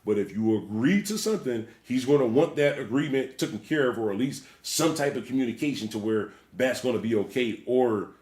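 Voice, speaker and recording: A man's voice: medium pitch, lively intonation, a little fast, hardly any pauses, a little mellow. A man who is a DJ, hosting a livestream and ranting bluntly with plenty of profanity. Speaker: DJ and livestream host. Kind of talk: livestream rant. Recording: roomy echo.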